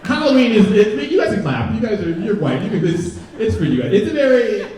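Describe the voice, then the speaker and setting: Lively young man doing stand-up. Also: high-pitched, a little fast. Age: young adult. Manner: animated, crowd work, jumps into loud mocking voices. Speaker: stand-up comedian. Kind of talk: stand-up comedy set. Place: comedy club stage before a live audience. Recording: very echoey room, from a distance.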